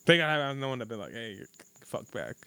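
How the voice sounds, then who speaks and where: A man's voice: mid-range voice, sing-song, fast, pushed and bright, clean tone, dry recording. A man co-hosting a casual podcast chat, rambling and swearing as he tells stories and acts out what people said. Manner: profane, rambling storyteller, acts out quotes. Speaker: podcast co-host.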